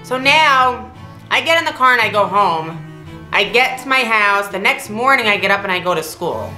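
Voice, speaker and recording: A young woman tells a story casually to her co-host, acting out the other people's voices with big jumps in pitch and laughing now and then. Her voice is bright and clear. It sounds like an echoey room with faint music behind her. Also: lively intonation, moderate pace. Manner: laughs often mid-story. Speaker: vlog co-host.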